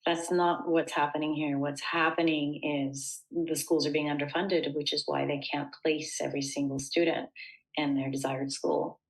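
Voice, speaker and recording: Low-voiced woman, earnest interview guest. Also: little pitch movement, moderate pace, poor audio. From United States. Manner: thoughtful, earnest, with frequent fillers. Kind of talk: casual interview conversation.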